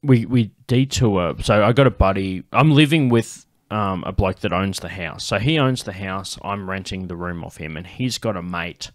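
A man's voice: sits low, moderate pace, few pauses, no echo, studio quality. A young Australian man hosting a comedy podcast, telling a rambling, profane story full of ums and restarts and laughing often. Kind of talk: casual chat, rambling anecdote.

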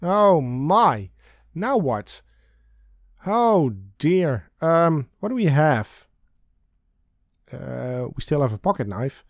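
A young man hosting a let's play, chatting slowly and laughing to himself as he plays. His voice is a touch high and bounces with lively pitch. The close mic sounds dry. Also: dry recording. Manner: chatty, giggly, hums and sings snippets. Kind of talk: game commentary and text reading.

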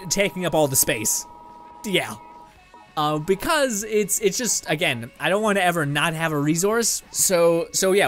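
A young man from Canada, hosting a gaming video in a home room with a green screen and lights, rambles casually through let's-play commentary while laughing often and swearing freely. His voice is fairly high-pitched with a fairly bright tone.

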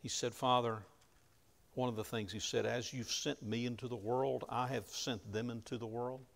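A man preaching a sermon, retelling scripture in plain conversational words and rising to loud emphasis at key moments. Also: mid-range voice, fairly even intonation, normal speed, vocal fry. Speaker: pastor.

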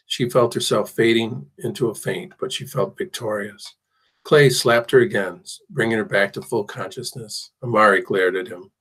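A man reads a novel aloud in a low, husky voice. His narration stays steady and measured, with an occasional slip and restart. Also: rough recording. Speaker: audiobook reader. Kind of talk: audiobook narration.

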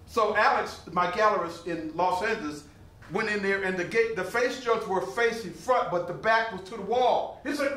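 Older man, high voice, animated storyteller to a crowd, distant mic in a roomy hall. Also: normal speed. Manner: animated, laughing storyteller with repeated phrases. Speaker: living history performer and potter. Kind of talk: storytelling to a live audience. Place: museum hall with an audience.

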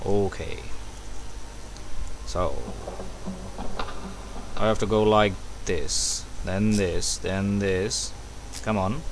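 A young man hosting a gaming channel does let's play commentary, talking excitedly to himself as he plays and letting out sudden yelps and exclamations. His voice is fairly low, very slow, and creaky, with frequent pauses and slight background noise.

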